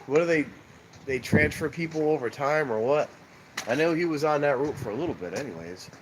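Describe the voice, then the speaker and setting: A man's voice: fairly high pitch, expressive, fairly quick, low-quality recording. A man with a congested, nasal voice, rambling casually as he hosts a live stream by railroad tracks and reads viewers' comments aloud. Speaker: live streamer, train-watching channel host. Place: outdoors by railroad tracks at night. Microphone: phone held in hand. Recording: outdoor noise on a handheld phone.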